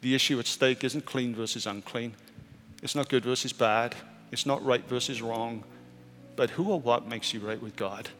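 A male pastor preaching a sermon, moving between urgent raised questions and quiet, hushed statements. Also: mid-range voice, fairly even intonation, normal speed. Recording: church hall reverb with soft music.

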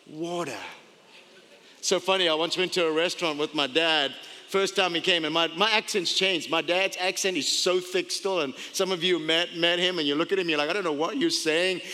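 A man with an accent preaching a sermon as pastor, telling stories and jokes with laughs along the way. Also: high voice. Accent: non-American. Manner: animated, jokey storytelling with laughs. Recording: long reverb of a church hall.

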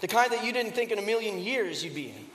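Male preacher with a very high voice, chatty and full of rhetorical questions, recorded in a reverberant church hall. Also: lively intonation, quick pace, fairly bright tone, slight background noise. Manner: conversational storytelling with rhetorical questions. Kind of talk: sermon. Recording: echoey hall with long reverb.

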